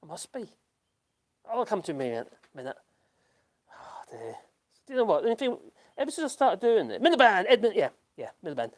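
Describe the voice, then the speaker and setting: A man's voice: sits high, very animated, fairly quick, pauses often. A man chats through a casual live stream from his home, reading viewer comments as they come in. He rambles along in a self-deprecating way, laughs at himself often and keeps stopping to restart his sentences. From United Kingdom. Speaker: YouTube channel host. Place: at home in rural France.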